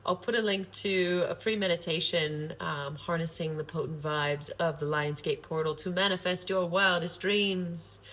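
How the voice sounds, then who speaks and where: A woman's voice: fairly low pitch, steady tone, normal speed, hardly any pauses, a bit bright. A woman talking to camera in a loose, rambling monologue, earnest and sprinkled with swearing. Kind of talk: casual spontaneous monologue.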